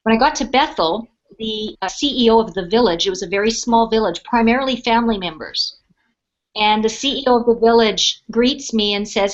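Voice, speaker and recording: A middle-aged woman speaking on a webinar, telling a personal story in a casual, animated way and acting out the people in it. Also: a little high, brisk. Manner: animated storyteller, acts out quoted voices. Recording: dull lo-fi webinar audio.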